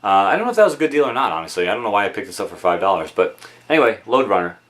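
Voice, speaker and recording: A man talking casually about video games he has bought, in a relaxed, rambling way full of ums and uhs, recorded at home in his game room on a camera mic. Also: fairly low pitch, rapid-fire. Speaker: video game collector vlogger. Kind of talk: casual show-and-tell of game purchases.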